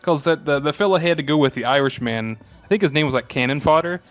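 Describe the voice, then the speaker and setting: A man's voice: on the high side, quick pace, muffled recording, faint music behind. Laid-back joking man chatting. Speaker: podcast co-host. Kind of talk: casual movie chat over beer.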